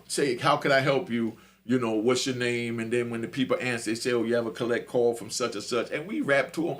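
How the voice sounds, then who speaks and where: Man, middle-aged, gravelly, casual street storytelling, slangy, conversational. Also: mid-range voice. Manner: loose street slang, frequent "you know what I mean". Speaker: podcast host telling a prison story.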